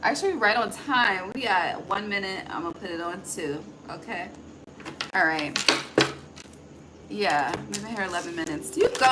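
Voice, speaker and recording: A woman giving a casual, chatty card reading, thinking aloud, swearing freely and calling the listener honey. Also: on the low side. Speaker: intuitive tarot reader. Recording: steady background noise.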